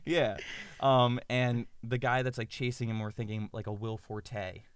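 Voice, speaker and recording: A man co-hosting a podcast, telling a story in an animated way with quick asides. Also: mid-range voice, smooth. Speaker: podcast co-host. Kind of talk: casual chat.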